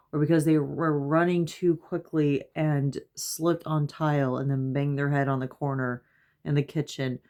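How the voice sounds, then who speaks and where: A woman in her thirties, a mother, rambling casually in a home vlog, laughing often and getting animated when she quotes herself. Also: deep voice. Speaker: mother and vlogger. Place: at home before bed.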